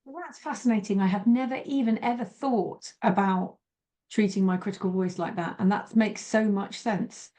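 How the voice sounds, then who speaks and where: A woman's voice: mid-range voice, steady tone, moderate pace, warm tone. A woman being coached, who talks reflectively and thinks aloud, restarting her sentences as she goes. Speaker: coaching client. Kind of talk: coaching conversation.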